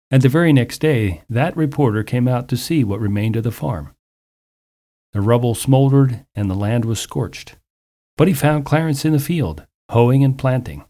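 Man doing a radio ministry spot, calm earnest storytelling, warm dark voice. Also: mid-range voice. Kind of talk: scripted radio ministry narration.

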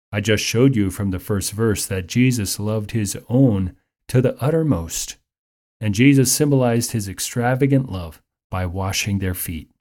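A man preaching a sermon in a measured, explanatory teaching manner. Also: on the low side, warm tone.

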